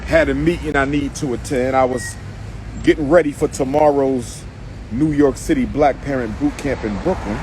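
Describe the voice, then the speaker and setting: A man's voice: medium pitch, moderate pace, a little mellow, slight background noise, low-quality recording. A man giving an emphatic, repetitive, preacher-like live video monologue, speaking from in or near a car outdoors. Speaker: activist livestreamer.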